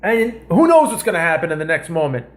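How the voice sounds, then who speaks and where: A man hosting a comedy vlog, telling a story in a rambling, animated way and often cutting himself off mid-sentence. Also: fairly high pitch, fast. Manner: rambling, animated, self-interrupting. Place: home kitchen.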